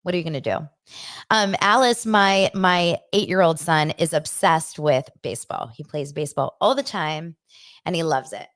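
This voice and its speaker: A woman's voice: deep voice, moderate pace, fairly bright tone. A middle-aged woman hosting a casual live stream, chatty and upbeat, gushing like a proud mom. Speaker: host.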